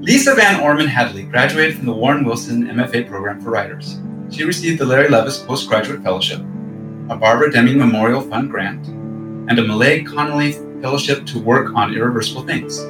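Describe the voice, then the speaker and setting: A man hosting a book podcast, speaking in a measured, formal way and reading a review aloud with expression. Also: medium pitch, lively intonation, echoey room, music in the background, poor audio. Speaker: podcast host.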